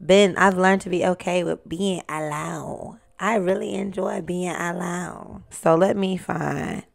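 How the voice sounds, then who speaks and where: A young woman hosting her own podcast, talking straight to the listener in an animated, casual way and now and then singing a line. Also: lowish voice, takes it slowly, vocal fry. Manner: animated, talks to listener directly, sings snippets. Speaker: podcast host. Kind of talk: casual solo podcast talk.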